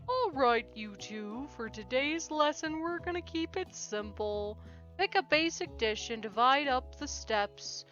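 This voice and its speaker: A woman voicing a calm cooking-class instructor who speaks in little proverbs. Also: high-pitched. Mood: instructive. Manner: slow, proverb-quoting. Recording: dull lo-fi, off-mic, background music.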